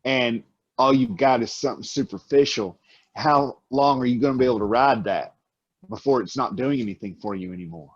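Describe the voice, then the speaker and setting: Male podcast guest, philosophical and wordy, mid pitch, slightly dull recording. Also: brisk, husky. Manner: musing, grandiose phrasing. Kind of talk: casual chat.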